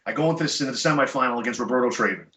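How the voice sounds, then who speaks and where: A middle-aged man, a podcast guest, telling stories in casual chat, animated and emphatic with blunt profanity. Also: medium pitch, racing. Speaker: podcast guest, chiropractor and jiu-jitsu black belt. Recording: echoey room, dull lo-fi sound.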